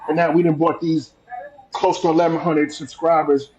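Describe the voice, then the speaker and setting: A man's voice: a little high, little pitch movement, moderate pace, a little mellow, muffled recording. A man co-hosting a podcast, speaking reflectively and filling his talk with you know. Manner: reflective, hedging with fillers. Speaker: podcast co-host. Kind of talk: casual podcast chat.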